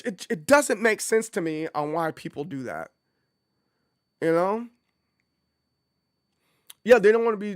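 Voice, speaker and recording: A man's voice: a little high, dry recording, studio quality. A man hosting a casual livestream, talking in a loose, rambling way that circles back and repeats points. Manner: animated, rambling, repeats himself. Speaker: streamer host.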